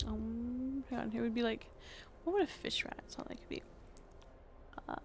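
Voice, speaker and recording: A woman's voice: on the high side, moderate pace, vocal fry, slight background noise. A woman livestreamer talking casually to chat, tired from a very long stream, rambling and thinking aloud with many restarts.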